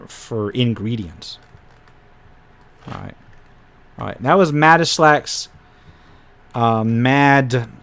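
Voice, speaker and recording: A man in an ordinary mid-range voice hosts a relaxed live stream, musing aloud as he browses tabletop game documents. He talks off the cuff, trailing into quick, wry side comments as he goes. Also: mid-range voice. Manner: thinking aloud while paging through files, with frequent wry asides. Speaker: host reviewing tabletop game PDFs.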